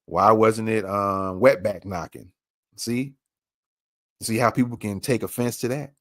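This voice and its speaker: A man's voice: fairly low pitch, steady tone, a little slow, fairly bright tone, no room sound, clean studio sound. A man hosting a podcast, commenting on a clip with emphatic, repeated rhetorical questions. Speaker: podcast host.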